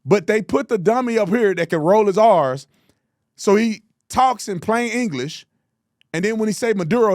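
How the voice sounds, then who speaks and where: A man hosting political commentary, talking in a blunt, mocking, animated way. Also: high-pitched, a little slow, dry recording, studio quality. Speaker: host.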